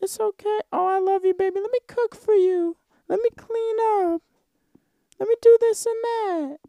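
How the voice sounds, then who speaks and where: Sugary falsetto girlfriend, as a man puts her on. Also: fairly even intonation, normal speed, vocal fry, warm tone, no room sound. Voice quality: high falsetto. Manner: sing-song baby talk. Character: cutesy clingy young woman girlfriend, sugary.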